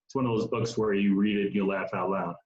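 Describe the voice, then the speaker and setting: A man's voice: fairly low pitch, steady tone, quick pace, a little mellow. A man from Kansas, an author guest, making brief dry remarks in casual chat. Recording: echoey lo-fi video call audio.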